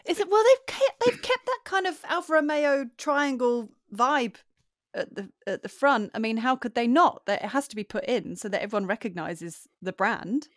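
Female podcast co-host, animated voice, playful and chatty, dry recording. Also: fairly high pitch, normal speed, no echo. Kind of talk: casual chat.

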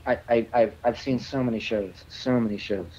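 A man's voice: mid-range voice, fairly even intonation, moderate pace, muffled recording, noisy background. A man guest telling rambling stories in a casual interview, stammering, restarting and swearing freely. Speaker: musician guest.

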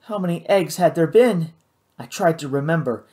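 An audiobook reader narrating a novel in the first person, measured and expressive. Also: medium pitch.

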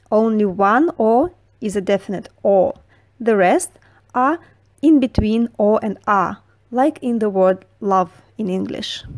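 A woman with a Russian accent narrating a diction tutorial, slow, precise and carefully enunciated. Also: mid-range voice, a little mellow, dry recording. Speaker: diction teacher.

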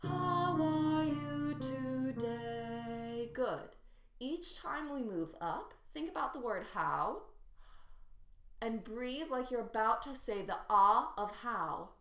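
A woman teaching singing speaks slowly and warmly encourages her students, her voice a little scratchy and lively in pitch. The room echoes around her. A piano sounds faintly behind her. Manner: encouraging, coaching. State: slightly scratchy voice. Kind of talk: beginner singing lesson. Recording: roomy echo, faint piano.

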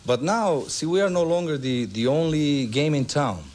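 A Brazilian-born man telling comic stories as a guest on a television talk show, breaking into squeaky voices for his characters. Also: moderate pace, darkish tone. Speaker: guest entertainer.

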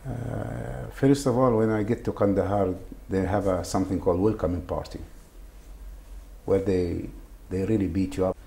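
A man's voice: low voice, steady tone, creaky, mellow. A man speaking in an interview, who halts and repeats words as he recounts what he went through; his first language is Arabic. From Saudi Arabia. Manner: halting, repeats words often. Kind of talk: emotional interview testimony. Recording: faint background noise.

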